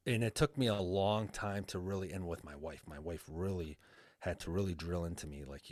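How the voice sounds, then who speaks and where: Male guest coach, earnest and plain-spoken, deep voice, dry close sound. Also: normal speed, a little mellow, no echo. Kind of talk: casual podcast interview.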